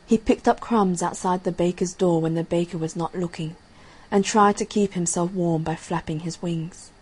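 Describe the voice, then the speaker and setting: Husky-voiced woman reading a storybook. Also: on the low side, fairly even intonation, normal speed, darkish tone, rough recording.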